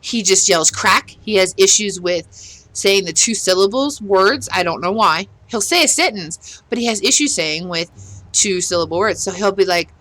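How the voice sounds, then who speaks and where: A middle-aged woman vents her exasperation in a blunt, casual rant while she plays a game for her vlog. Her voice is bright and forceful, and she talks with a sharp edge. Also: mid-range voice, rough recording. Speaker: gaming vlogger.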